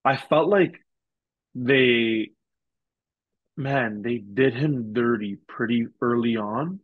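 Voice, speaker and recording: A man's voice: mid-range voice, slow, dry recording, narrow, tinny audio. A man as a podcast guest on a video call, talking earnestly and thoughtfully in a casual, somewhat rambling way. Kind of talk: casual chat.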